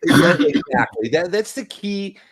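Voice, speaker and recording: Animated, emphatic man on a dry mic. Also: sits high, takes it slowly, husky, no room sound. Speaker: channel host, guest in a group chat. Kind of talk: casual group chat.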